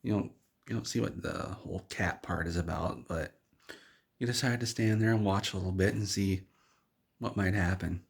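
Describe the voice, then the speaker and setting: A male storyteller who narrates an absurd tale in the second person, rambling in a deadpan way. His voice is very low, with a gravelly fry and a husky edge. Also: moderate pace.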